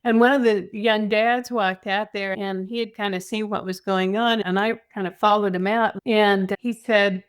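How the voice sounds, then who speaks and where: An older woman, a podcast guest, chatting about caregiving and telling lively stories with voiced quotes. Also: medium pitch, moderate pace, few pauses, clear, resonant tone. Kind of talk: conversational storytelling.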